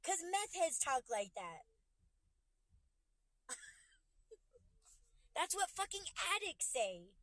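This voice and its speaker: A woman's voice: very high voice, sing-song, drawn-out words, long pauses, fairly bright tone, no room sound. A woman podcast host ranting casually on a livestream, speaking into a phone from her car. She talks bluntly and profanely, and she often restarts her sentences as she works herself up.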